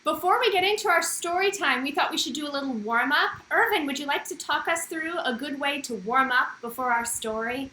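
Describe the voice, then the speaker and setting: A woman's voice: high-pitched, expressive, fairly quick, few pauses, bright, forceful tone, a little hiss or hum. An American woman with a cheerful, welcoming manner, hosting a family story time over a video call. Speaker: host. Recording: roomy echo.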